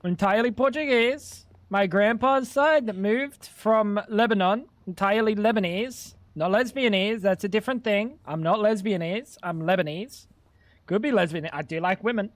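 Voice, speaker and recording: A man's voice: high voice, moderate pace, no echo. A man, chatting crudely and rambling as he jokes with his livestream chat. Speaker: streamer. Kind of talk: casual gaming livestream chat.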